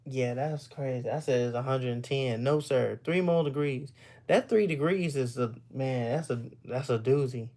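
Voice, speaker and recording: A man's voice: medium pitch, moderate pace, mellow. Rambling man chatting with viewers. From Texas, US. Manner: loose and rambling, repeats words, laughs often. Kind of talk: casual live-stream chat.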